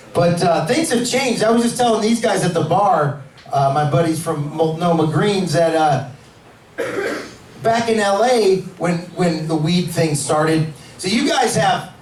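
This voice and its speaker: Brash, profane stand-up comedian. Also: male voice, high voice. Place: cannabis club stage. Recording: echoey club from far off, crowd.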